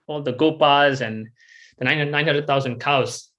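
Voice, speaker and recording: A man giving a devotional storytelling talk, animated and acting out the scenes he tells. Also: on the high side, measured pace, lo-fi sound. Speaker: devotional speaker.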